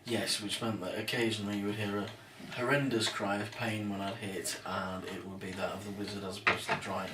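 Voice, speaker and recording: A man's voice: lowish voice, level tone, brisk, distant mic. A man co-hosting a casual chat, giving short agreeing replies with dry humor. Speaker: podcast co-host. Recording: roomy echo, off-mic, faint noise.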